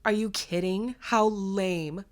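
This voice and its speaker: A young woman hosting a casual solo podcast, telling a story and giving blunt, animated advice in which she acts out voices. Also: slow. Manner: animated storytelling, acts out quoted voices with big pitch jumps; frank and blunt, with mild swearing. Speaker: podcast host.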